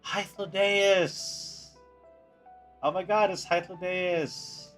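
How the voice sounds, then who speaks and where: A man streaming a game and reacting with excitable fan outbursts. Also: high voice, extremely slow, soft background music. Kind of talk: casual game commentary.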